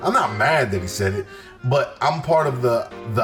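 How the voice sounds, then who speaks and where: A man hosting a reaction video, talking in relaxed, agreeable casual commentary and repeating himself. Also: medium pitch, normal speed, faint music behind.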